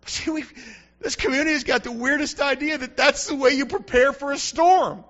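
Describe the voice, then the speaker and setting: Man, pastor, fiery sermon, very high sharp voice, muffled lo-fi recording. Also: normal speed. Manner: emphatic, rising to shouts.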